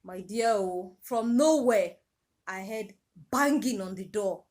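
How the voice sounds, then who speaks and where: A woman's voice: mid-range voice, takes it slowly, darkish tone. Emotional Nigerian woman telling her story. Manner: emotional, urgent retelling with repeated phrases. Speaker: vlogger. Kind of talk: personal storytelling vlog.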